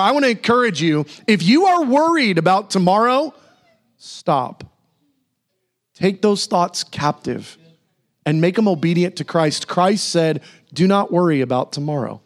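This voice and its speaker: A male pastor preaching a sermon, animated, with sudden high exclamations and slow, emphatic repetition.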